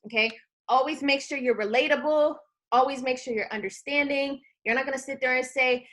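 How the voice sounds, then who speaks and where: A high-pitched woman leads a live online coaching session for her sales team. Her voice is bright and energetic. She keeps checking in with "okay?" and plays out both sides of a phone call. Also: fairly quick.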